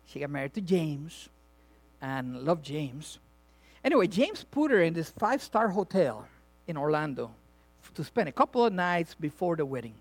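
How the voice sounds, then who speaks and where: Brief: middle-aged male pastor, animated storyteller, pitch swinging all over, laughs through his sermon. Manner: animated storyteller, laughs often, acts out voices. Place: church or venue with audience, also filmed.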